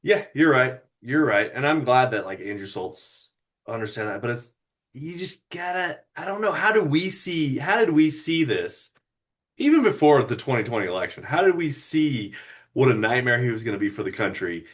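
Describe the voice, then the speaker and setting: A man co-hosting a political podcast, relaxed, laughing and agreeing often in casual chat. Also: mid-range voice, normal speed. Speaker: podcast co-host.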